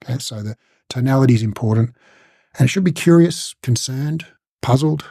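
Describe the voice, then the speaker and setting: A man's voice: mid-range voice, fairly quick, vocal fry, mellow, breathy edge, no room sound, clean studio sound. A man teaching a casual recorded lesson, talking conversationally and acting out short coach and client exchanges. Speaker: instructor.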